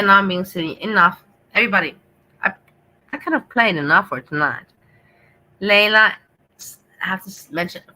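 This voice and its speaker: A woman's voice: on the low side, bright, forceful tone, rough recording. A woman hosting a casual livestream, chatting affectionately and playfully with her viewers. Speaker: livestream host.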